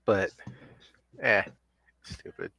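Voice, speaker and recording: A man's voice: very slow, bright, forceful tone, no echo. A man co-hosting a casual podcast chat, telling stories in a laid-back way with quoted asides. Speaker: podcast co-host.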